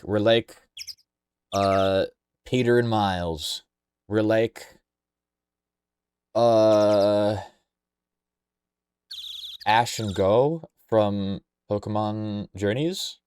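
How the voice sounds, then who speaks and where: A man's voice: on the low side, darkish tone. A young man casually streaming a game, rambling playfully and reading lines aloud. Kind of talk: casual game-playing commentary. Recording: noisy home stream mic.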